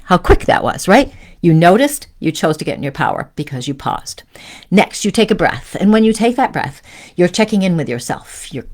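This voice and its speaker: A woman hosting a live spiritual teaching stream, speaking in a gentle coaching way and often checking in with "right?" and "okay?". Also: lowish voice. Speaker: host.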